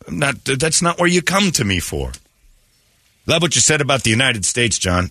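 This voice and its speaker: A man's voice: mid-range voice, sing-song, a little fast, bright, forceful tone, dry recording. A man in his fifties hosting a talk show, joking loosely and laughing often as he banters. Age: 50s. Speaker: radio show host.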